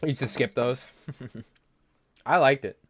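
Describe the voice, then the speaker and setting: A young adult man hosts a live stream, chatting casually while tying flies. His mid-range voice moves slowly as he rambles through stories packed with filler words and swearing. A little hiss or hum sits under the audio.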